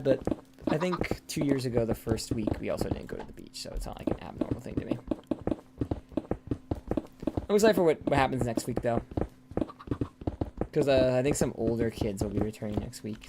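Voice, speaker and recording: A man's voice: mid-range voice, very noisy. Rambling young man streaming a game. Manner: rambling, swears casually, drifts into whispering. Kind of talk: casual gameplay chat. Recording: clear background typing and clicks.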